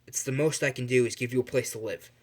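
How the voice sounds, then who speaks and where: A man voicing a wealthy middle-aged father in an improvised fan story, firm and low-key. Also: fairly even intonation, quick pace, darkish tone, natural voice. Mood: grateful.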